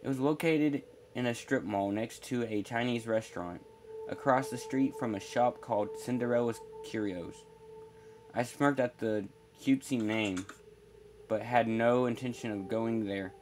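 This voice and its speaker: A man's voice: mid-range voice, moderate pace, noisy background. A man narrating a first-person horror story in a plain, wry storytelling manner.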